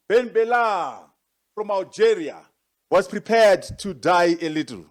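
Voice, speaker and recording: High-voiced man giving a forceful speech. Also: expressive, a little slow. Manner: rhetorical and emphatic, with repeated questions; forceful, with sharp rises for emphasis. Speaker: guest speaker. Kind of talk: formal presentation to an audience.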